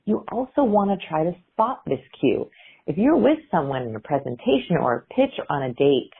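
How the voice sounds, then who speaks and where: A woman's voice: sits low, very animated, normal speed, creaky, breathy edge. A woman guest researcher explaining communication cues in an interview, demonstrating intonation as she talks. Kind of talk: interview clips. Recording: phone-like line.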